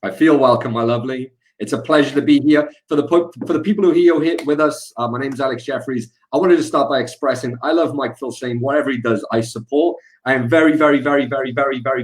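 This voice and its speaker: A man, speaking as a guest in a livestream interview with an energetic, hyped-up manner over a video call. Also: medium pitch, quick pace, hardly any pauses.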